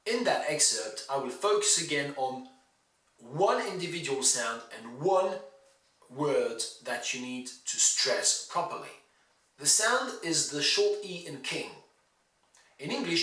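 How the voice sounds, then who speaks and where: A man teaching English pronunciation, slowly contrasting wrong and right sounds and reading out historical excerpts. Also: fairly high pitch, sing-song, bright, forceful tone, echoey room, distant mic, rough recording. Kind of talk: pronunciation lesson with read excerpts.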